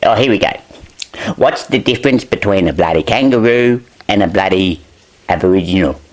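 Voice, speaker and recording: A man's voice: low voice, normal speed. A drunk Australian man telling crude jokes, swearing, fumbling his setups and laughing at his own punchlines. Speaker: comedy podcast joke teller. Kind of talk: crude pub-style joke telling.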